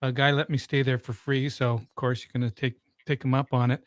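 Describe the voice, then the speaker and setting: A man hosting an interview, telling a story in a relaxed, rambling way. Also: medium pitch, fairly quick, no room sound, clean studio sound. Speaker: host. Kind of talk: conversational interview.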